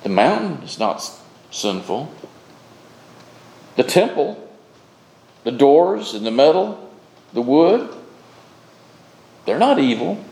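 Pastor guy preaching real slow, pauses between every phrase, roomy echo. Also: on the high side, very animated, gravelly, dark tone, a little hiss or hum. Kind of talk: sermon. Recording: echoey room sound.

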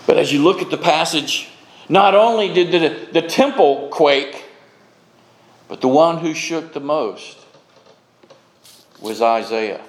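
A male pastor preaching a sermon with slow, emphatic delivery and dramatic pauses. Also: a little high, expressive. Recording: echoey room sound.

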